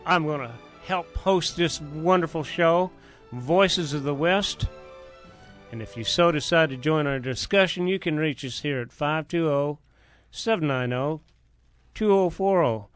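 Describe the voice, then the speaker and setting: A man's voice: a little high, unhurried, soft background music. A man co-hosting a radio talk show, with hearty, folksy banter. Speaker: radio co-host.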